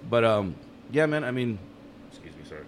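Fast-talking, profane man. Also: medium pitch, slight background noise. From United States. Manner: fast, profane, animated storytelling. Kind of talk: casual podcast chat.

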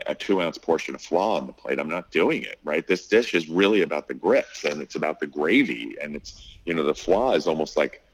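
Very deep-voiced man telling a story. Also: low-quality recording. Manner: animated storyteller, acts out quotes, many fillers. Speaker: restaurant owner. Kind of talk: casual interview storytelling.

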